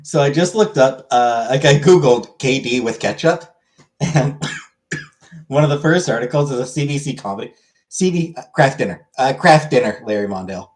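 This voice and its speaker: A man's voice: mid-range voice, expressive, moderate pace. Rambling man chatting casually. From Canada, born in Ontario. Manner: rambling, chatty, many fillers. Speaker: livestreamer reading chat. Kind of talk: casual chat.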